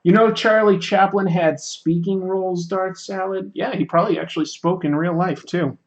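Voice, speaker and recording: A man's voice: sits high, fairly even intonation, moderate pace, lo-fi sound. A man hosting a casual livestream, reading chat aloud and joking about himself while he draws. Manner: reads chat aloud, self-deprecating and joking. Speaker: livestream host.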